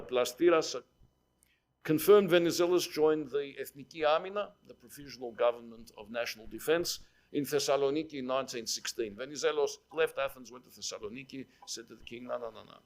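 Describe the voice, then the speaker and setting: A man giving a public history lecture in a conversational, digressive way, with frequent fillers. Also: mid-range voice.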